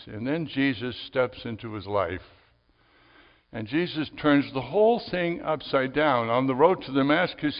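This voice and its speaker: A male pastor preaching a sermon in a conversational style that rises to emphatic peaks. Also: a little high. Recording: dull audio with long hall reverb.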